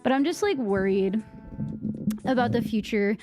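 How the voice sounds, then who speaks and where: A young woman from Massachusetts with a Boston accent, chatting casually with her stream viewers, rambling with lots of fillers, on a boom-arm mic at home. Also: lively intonation, moderate pace, a little mellow, faint music behind. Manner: rambling, many fillers and restarts. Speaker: live streamer. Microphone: microphone on a boom arm.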